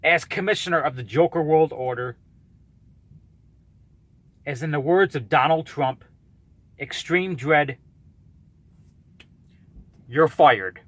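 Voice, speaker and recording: A man's voice: on the high side, slow pace, long pauses, a bit bright, dry recording. Blunt, profane man ranting dry. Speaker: YouTuber calling out a rival. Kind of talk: ranting vlog.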